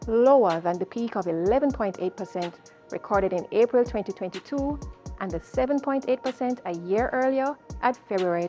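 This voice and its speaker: A woman hosting an economic information segment, reading a script in a clear, measured way. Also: medium pitch, a little mellow. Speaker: host of a central bank segment.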